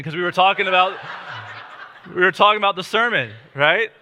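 A man in his thirties preaching a sermon as pastor, telling family stories in a relaxed, conversational way with light laughter. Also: sits high, fast talker, slight background noise.

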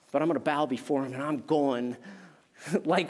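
Man, middle-aged pastor, sermon, emphatic, storytelling, joking asides, slightly high voice. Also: animated, moderate pace. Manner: emphatic preaching with personal stories, frequent asides and self-deprecating jokes.

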